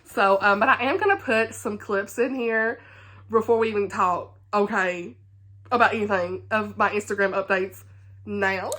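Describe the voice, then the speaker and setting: A woman with a Southern US accent, chatting casually as a book vlogger, animated and often laughing. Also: on the high side. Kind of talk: casual chat.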